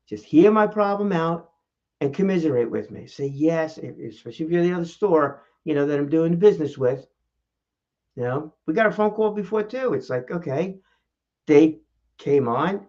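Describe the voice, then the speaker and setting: A man hosting his own talking-head vlog about public speaking, talking casually to the camera and asking lots of rhetorical questions. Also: dull audio. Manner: animated, rhetorical questions, shifts pitch for emphasis. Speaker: vlog host and speaking coach. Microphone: camera mic.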